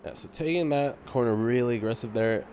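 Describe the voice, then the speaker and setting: A man doing live sim racing commentary, relaxed and laughing often, tripping over driver names. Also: mid-range voice, brisk, a little hiss or hum.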